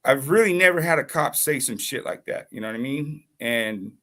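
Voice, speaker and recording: A man's voice: medium pitch, animated, a little fast, bright, forceful tone. A man casually telling a long personal story, swearing freely, rambling, and checking in with "you know what I mean?". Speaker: YouTube channel host.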